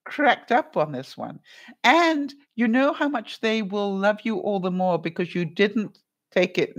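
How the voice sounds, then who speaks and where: Woman live-streaming, casual chat, laughs often, very lively voice, greets viewers. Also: on the low side. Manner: laughs often while telling a story; acts out other people's lines.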